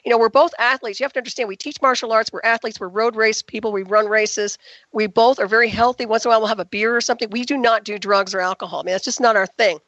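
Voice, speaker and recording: Woman guest, rapid emphatic storyteller, higher voice, dry lo-fi sound. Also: steady tone, fairly bright tone, no room sound. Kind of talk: radio interview call.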